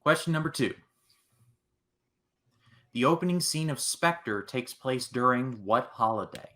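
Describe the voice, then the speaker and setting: A quizmaster man with a crisp, bright tone at an ordinary pitch. He reads the rules and questions plainly and counts down for the contestants in the manner of a game show host. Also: lively intonation, a little slow.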